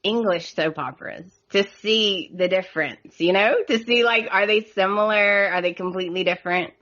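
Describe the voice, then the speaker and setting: US woman, podcast host, bright chatty voice, laughs a lot, lo-fi recording. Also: medium pitch, normal speed. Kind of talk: casual podcast chat. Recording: dull lo-fi sound.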